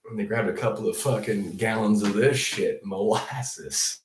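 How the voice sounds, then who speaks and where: A man's voice: lowish voice, normal speed, hardly any pauses, a little hiss or hum. A young man hosting a comedic news show, rambling through profane stories with frequent laughter. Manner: profane, laughing, animated storytelling. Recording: echoey room, distant mic.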